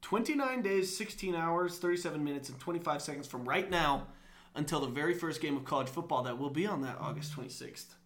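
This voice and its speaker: A man's voice: fairly high pitch, expressive, a little fast, fairly bright tone, roomy sound. A man co-hosting a casual sports podcast, bantering playfully. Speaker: podcast co-host.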